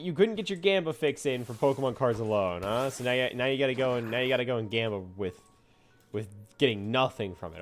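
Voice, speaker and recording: A man streaming a game, chatting casually and teasing his viewers with frequent laughter. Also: medium pitch. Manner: playful, teasing, often laughing. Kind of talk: casual gameplay chat.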